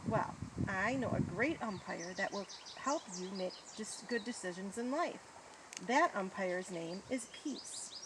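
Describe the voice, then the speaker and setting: A woman voicing a kindly male team coach who speaks gently, like a teacher. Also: medium pitch, expressive, measured pace, natural voice. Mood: gentle. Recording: noisy outdoor recording.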